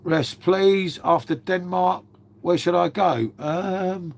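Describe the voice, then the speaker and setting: Talking slowly in a high voice with vocal fry, a middle-aged man chats on a live stream and reads out viewer comments. He rambles, swears, calls everyone mate, and keeps coughing because he's feeling unwell.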